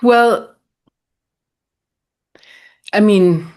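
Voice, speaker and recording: A middle-aged woman, a running coach, answering interview questions in a measured, thoughtful way. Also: medium pitch, a little mellow.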